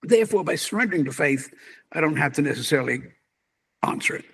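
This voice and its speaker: An older man, a magazine publisher and interview guest, musing in an animated, conversational way and chuckling as he talks. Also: on the high side, fast talker, gravelly, breathy edge.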